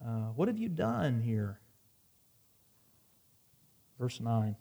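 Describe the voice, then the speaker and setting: A man's voice: medium pitch, big pitch swings, drawn-out words, creaky, dark tone. A man preaching a sermon, reading scripture dramatically and dropping wry asides. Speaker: pastor.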